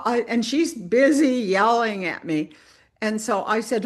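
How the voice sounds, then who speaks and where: Woman, church missionary, testimony storytelling, earnest, talks to listeners directly, mid-pitched voice. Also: moderate pace. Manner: earnest, addresses listeners directly as "you guys"; animated retelling with spirited voiced quotes.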